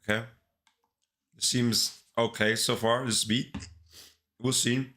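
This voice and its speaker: A man's voice: mid-range voice, flat delivery, takes it slowly, pushed and bright. A man with a congested, sick-sounding voice chatting casually to his livestream viewers in laid-back slang. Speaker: live-streaming developer.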